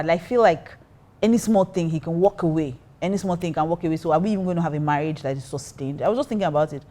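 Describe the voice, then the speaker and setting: A woman's voice: low voice, racing, mellow. A woman pastor telling a personal story in casual talk, acting out her own reactions. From Nigeria. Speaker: pastor and co-host.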